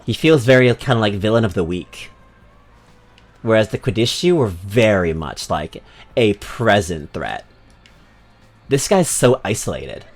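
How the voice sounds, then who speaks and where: A man's voice: lowish voice, very animated, unhurried, long pauses, soft background music. Rambling, crude joking male streamer. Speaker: video game streamer. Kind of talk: casual let's-play commentary.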